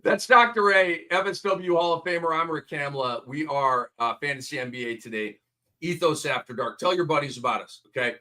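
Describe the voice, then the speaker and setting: A man hosting a late-night fantasy basketball talk show, talking in an energetic, emphatic, ranting way. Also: on the high side, brisk. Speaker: host.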